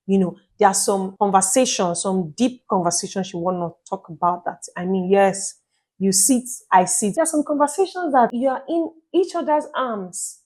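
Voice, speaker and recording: A woman giving relationship tips in a casual vlog, chatty and lively, often checking in with the listener. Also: medium pitch, normal speed. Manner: chatty, asks listeners "you get my point?"; acts out little scenes with playful quoted voices. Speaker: relationship advice vlogger.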